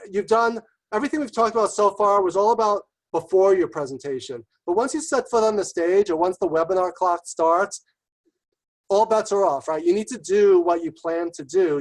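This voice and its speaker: A man giving a webinar presentation, talking quickly and enthusiastically and checking in with "right?" often. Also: high-pitched, poor audio. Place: remote webinar.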